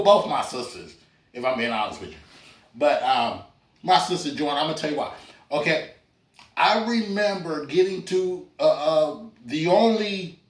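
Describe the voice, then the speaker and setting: A man in doing a stand-up comedy set, loose and chatty, with lots of fillers and asides to the crowd. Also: on the high side. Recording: roomy club sound from a distance.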